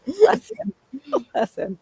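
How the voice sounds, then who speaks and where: A woman co-hosting a casual group chat, animated and laughing often. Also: extremely high pitch, takes it slowly, creaky, dry recording. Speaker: co-host.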